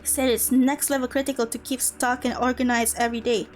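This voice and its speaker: A woman's voice: fairly high pitch, little pitch movement, brisk, faint music behind, natural voice. A woman reading game lines as a young, laid-back male surfer-type crewman, easygoing and full of fillers. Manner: easygoing, filler-heavy, hesitant. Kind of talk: reading game dialogue aloud.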